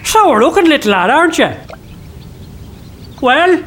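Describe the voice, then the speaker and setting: A man's voice: very high voice, very animated, measured pace, a bit bright, heavily acted. A man doing a cheeky, foul-mouthed detective. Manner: teasing, swearing banter. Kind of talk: comedy improv sketch.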